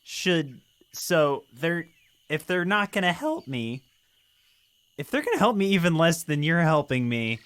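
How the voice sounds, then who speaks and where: A man's voice: fairly high pitch, very animated, a little slow, a bit bright, clean tone, dry recording. A man playing his character in a tabletop game, cocky and joking. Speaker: player.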